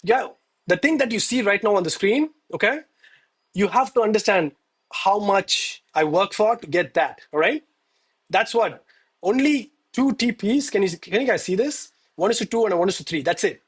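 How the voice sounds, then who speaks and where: A man with a fairly high, husky voice talks straight to his stream viewers. He is emphatic and preachy, repeating himself to drive the point home, and openly lets himself get emotional. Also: animated, normal speed. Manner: emotional, admits getting worked up. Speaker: live-streaming gold trader. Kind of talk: live trading stream talk.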